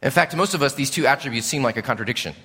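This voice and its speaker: A male preacher giving a sermon, telling the story with animated storytelling that swells and drops. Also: medium pitch, rapid-fire, husky. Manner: animated storytelling, rising and falling. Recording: long reverb of a large hall.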